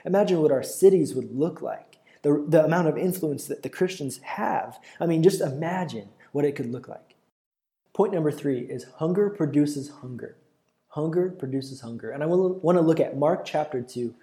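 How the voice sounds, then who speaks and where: A young man preaching a sermon with passion, at times crying out loudly. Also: on the high side. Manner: impassioned, builds to loud cries when quoting.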